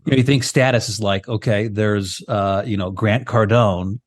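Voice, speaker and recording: A man's voice: on the low side, moderate pace. A man co-hosting a podcast over a video call, explaining at length in casual chat and often checking in with "right?". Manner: animated, keeps asking "right?". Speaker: podcast co-host.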